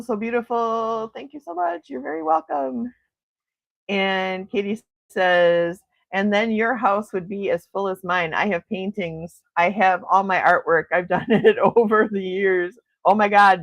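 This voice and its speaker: A woman's voice: mid-range voice, no echo. A middle-aged woman hosting a casual morning livestream chat, gushing and laughing often as she reads viewer comments. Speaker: livestream host.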